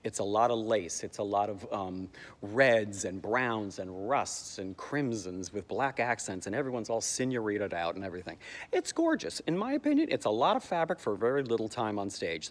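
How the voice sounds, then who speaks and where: A man giving a sarcastic comic recap of a stage musical's plot, jumping into high squeaky voices to mock the characters. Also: very animated, a little fast, in a large hall. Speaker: comedic theatre commentator.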